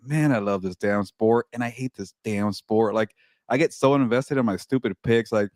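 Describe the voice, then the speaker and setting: A man who reports on sports, talking casually on a podcast in a blunt, animated way with mild swearing. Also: lowish voice, normal speed, no room sound, clean studio sound.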